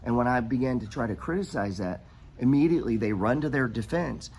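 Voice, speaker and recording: A man's voice: mid-range voice, animated, a little fast, darkish tone, slight background noise. A middle-aged American man hosting a podcast, giving money advice in a blunt, profane, rambling motivational rant. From United States.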